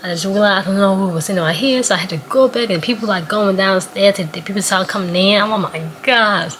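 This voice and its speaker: A young woman, chatting excitedly to her viewers and telling a story in a casual vlog. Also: mid-range voice, brisk, slight background noise. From Atlanta, USA. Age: 20s. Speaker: vlogger.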